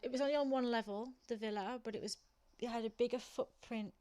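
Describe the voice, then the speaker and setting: A woman's voice: fairly high pitch, steady tone, fast, dark tone. Chatty woman with a Black Country accent. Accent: Black Country (West Midlands English). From England. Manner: chatty, laughs often, talks to chat viewers. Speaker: streamer. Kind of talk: casual chat while gaming.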